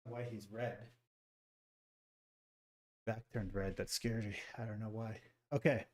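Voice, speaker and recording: A man on a live stream, chatting casually to viewers as he sets up a small robot, getting excited and talking through every step. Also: lowish voice, slow pace. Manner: excitable, talks to viewers while fiddling with a robot. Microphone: computer mic, second mic added.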